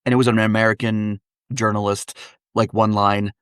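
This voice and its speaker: A man's voice: fairly low pitch, flat delivery, moderate pace, fairly bright tone, smooth, no room sound, clean studio sound. A man, an actor and dialect coach, chatting as a podcast guest in an upbeat way, laughing often and explaining with examples. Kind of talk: casual interview chat.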